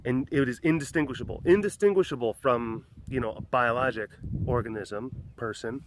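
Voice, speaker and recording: A man hosting a casual walk-and-talk vlog around an outdoor animal compound, filming on a handheld phone, chatty and rambling, with bursts of excitement. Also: medium pitch, normal speed, slight background noise. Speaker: big cat sanctuary keeper and vlogger.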